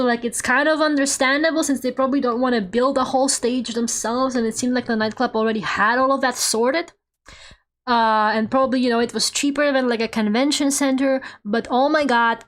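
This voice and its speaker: A woman's voice: a little high, steady tone, moderate pace. A woman streamer chatting casually while she draws, laughing often and swearing offhandedly. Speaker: VTuber streamer.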